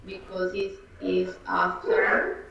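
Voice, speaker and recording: Hesitant, distant male student, gravelly voice. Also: high-pitched, completely flat delivery, takes it slowly, over a noisy crowd. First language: Spanish. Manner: hesitant, answering with fillers. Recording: distant, echoey, muffled with faint noise.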